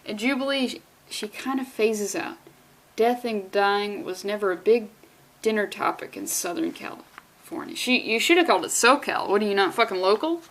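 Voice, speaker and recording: A woman vlogging a casual comic book read-along, with sarcastic, profane and animated rants. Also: mid-range voice, normal speed.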